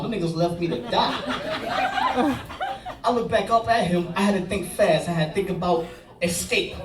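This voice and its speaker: A man doing a stand-up set, telling a story with animated, acted-out voices on stage. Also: sits high. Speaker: stand-up comedian. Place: comedy club stage with audience laughter. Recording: roomy, from far off, crowd laughter.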